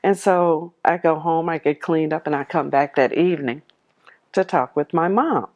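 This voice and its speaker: A woman's voice: sits low, moderate pace, darkish tone, highs cut off. A woman telling her life story to the camera, heartfelt and vivid, replaying old conversations as dialogue. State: tearful at moments.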